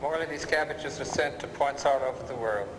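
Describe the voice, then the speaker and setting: A man's voice: medium pitch, brisk, natural voice. A man playing an eccentric cabbage tycoon who puts on a fake German accent and talks in a pompous, self-important way, in an amateur 1970s mockumentary. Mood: grandiose. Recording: distant, noisy 1970s field recording.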